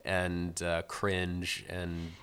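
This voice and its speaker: Guy on a movie podcast, bright clear voice, kinda fired up, acting out scenes as he complains. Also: low-pitched, extremely slow. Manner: animated, exasperated retelling with acted-out quotes. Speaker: podcast co-host. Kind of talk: casual film review chat.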